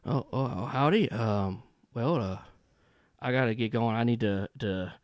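A man doing a gruff, friendly Southern circus man. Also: mid-range voice, a little slow, no echo, studio quality, natural voice. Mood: hurried. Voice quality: gruff yet welcoming, drawling. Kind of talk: tabletop role-play character voice.

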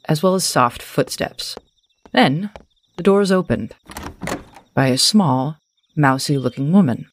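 A woman running a tabletop game, narrating scenes in detailed, cinematic description. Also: rumbling low. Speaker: game master.

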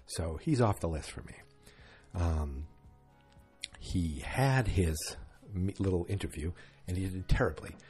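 A man's voice: low-pitched, unhurried, darkish tone, soft background music. A tired man yawning through a chatty, rambling late-night recap of a TV episode, full of fillers.

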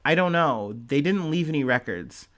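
A man's voice: on the high side, lively intonation, normal speed, fairly bright tone. A man reading as an exasperated, firm woman. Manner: curt, exasperated replies. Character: British woman of African heritage, indignant and firm.

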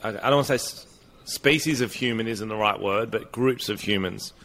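Joking, animated Australian podcast host. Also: male voice, fairly low pitch, a little fast. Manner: joking, animated, swears freely, laughs often. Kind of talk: casual chat.

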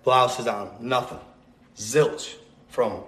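A man's voice: medium pitch, steady tone, unhurried, a bit bright. A man telling a rambling, profane story in a casual, earnest way, full of slang and repeats. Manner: earnest, intense.

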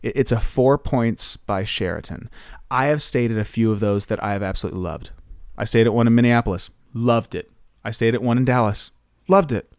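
A man's voice: fairly low pitch, fairly quick, darkish tone, smooth, no room sound. A man, a guest pop singer, telling a casual rambling story full of filler words into a close mic.

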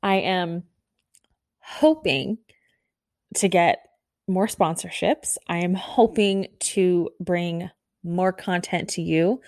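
A woman in her thirties hosting a casual solo podcast, talking fast and bubbly, rambling with lots of "like" and little laughs. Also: lowish voice, darkish tone, no echo, studio quality. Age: 30s. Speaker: podcast host.

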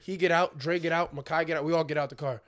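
A man's voice: fairly high pitch, fast talker. A young man and podcast co-host telling a story in casual slangy chat, acting out his friends' lines. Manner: animated, acts out friends' voices, slangy.

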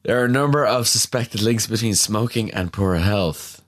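A man's voice: lowish voice, moderate pace, few pauses, no echo, clean studio sound. A tipsy man co-hosting a podcast, chatting casually and giggling while he reads game text aloud in a mock-official voice. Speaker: podcast co-host.

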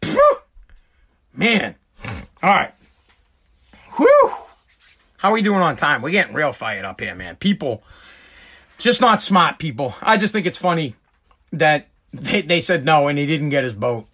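A fired-up host with a Massachusetts accent rants bluntly and swears freely. His speaking voice sits fairly high for a man, and the delivery is casual, loose and opinionated. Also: very animated, moderate pace, sharp tone. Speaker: podcast host. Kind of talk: casual ranting commentary.

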